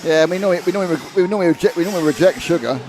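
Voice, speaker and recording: A man's voice: high-pitched, racing, crowd noise, rough recording. A man co-hosting casual live race commentary, joking and rambling through banter with his co-host. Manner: jokey, rambling, animated banter. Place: indoor RC race track venue.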